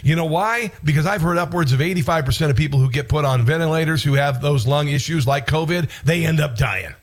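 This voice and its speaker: A man's voice: fairly high pitch, a little fast. A man hosting a political talk show, delivering an indignant, rambling commentary monologue with frequent restarts and bursts of outrage.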